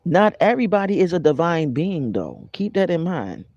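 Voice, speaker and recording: A man's voice: fairly high pitch, moderate pace, dry recording, lo-fi sound. A man giving a casual motivational spiritual talk to his viewers, greeting them by name as he goes. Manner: animated, conversational, addresses live viewers by name. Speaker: spiritual vlogger.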